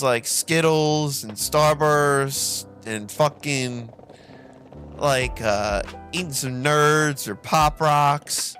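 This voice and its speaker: A male streamer talks loosely over his gameplay, drifting from one joke to the next and swearing freely. His delivery is slow and unhurried, and his voice sits a bit high. Faint music plays underneath. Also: fairly bright tone. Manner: rambling, profane and joking. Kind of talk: casual chat while gaming.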